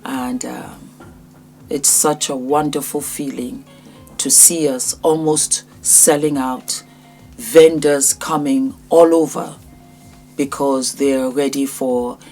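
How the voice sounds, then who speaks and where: A woman in her fifties talking warmly and emotionally to her viewers in a casual vlog. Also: rumbling low, fairly even intonation, takes it slowly, faint music behind. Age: 50s. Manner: warm, emotional, grateful. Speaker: vlogger.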